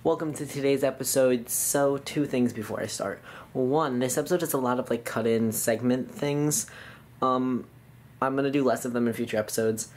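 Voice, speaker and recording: A man's voice: medium pitch, normal speed, darkish tone. A young man chatting casually as a vlogger, rambling with fillers and restarts. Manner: rambling, filler-heavy, self-correcting. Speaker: vlogger and sound effects crew member. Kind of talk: casual vlog chat.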